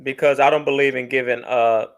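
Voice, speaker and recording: A man's voice: mid-range voice, a little fast. A man co-hosting a podcast in casual banter. He jokes around and laughs easily. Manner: animated, joking, laughs easily. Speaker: podcast co-host.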